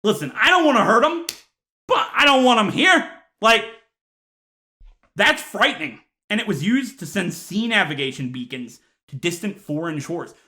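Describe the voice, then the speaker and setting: A man doing a comedic rant to camera, mock-outraged with deadpan asides, sighs and laughs. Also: high voice, normal speed. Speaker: YouTuber.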